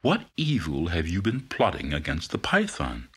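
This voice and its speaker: A man doing a grave, booming lion king. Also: wildly swooping pitch, breathy edge, full character voice. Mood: stern. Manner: slow, grave, drawn out. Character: stern male lion king.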